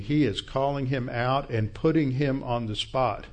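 A man's voice: mid-range voice, fairly even intonation, normal speed, hardly any pauses. A man teaching through a Bible passage as a pastor, explaining verse by verse in a conversational way with asides.

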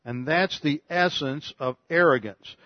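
A man's voice: a little high, a little slow, no room sound, muffled recording. A man preaching an expository Bible sermon, earnest and methodical, repeating phrases for emphasis. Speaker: pastor.

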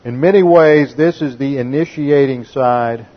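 Male pastor, mid-pitched, methodical doctrinal sermon, slightly dull lo-fi recording. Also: measured pace. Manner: methodical teaching, reads scripture quotes aloud.

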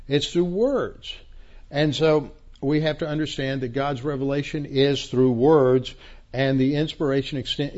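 A man's voice: mid-range voice, darkish tone, lo-fi sound. A man from Texas, a pastor teaching the Bible word by word, emphatic and repeating key words, with frequent restarts.

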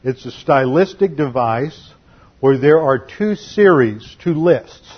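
A husky-voiced man preaches an expository Bible lesson at a measured, deliberate pace, slowing down to lean on key phrases. The recording sounds dull and lo-fi. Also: medium pitch, animated. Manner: measured, deliberate teaching delivery with slowed emphasis on key phrases. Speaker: pastor. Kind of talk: expository Bible teaching sermon.

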